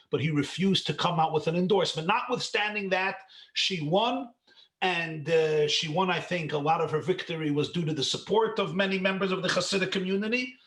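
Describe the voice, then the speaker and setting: A man's voice: high-pitched, fairly bright tone, roomy sound. A man from New York, a rabbi, telling a story in a lecture with rhetorical questions and chuckles at his own jokes.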